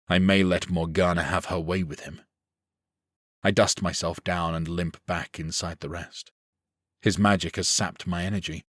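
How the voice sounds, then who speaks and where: A man reading a first-person fantasy audiobook in a measured, steady storytelling manner. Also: deep voice, no room sound, clean studio sound. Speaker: audiobook narrator.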